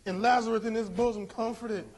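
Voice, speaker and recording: Impassioned high-voiced male preacher. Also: steady tone. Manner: impassioned, rising to shouts, drawn-out emphasis. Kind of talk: sermon.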